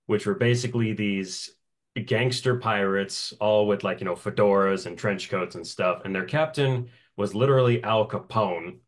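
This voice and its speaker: A relaxed male voice actor with a slightly low voice, chatting through an interview. He breaks into laughter often and keeps his telling loose and animated. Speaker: voice actor guest. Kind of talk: casual interview storytelling.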